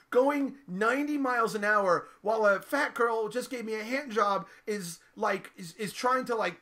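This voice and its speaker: A middle-aged man telling a raunchy story in an animated, profane way, laughing often. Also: sits high.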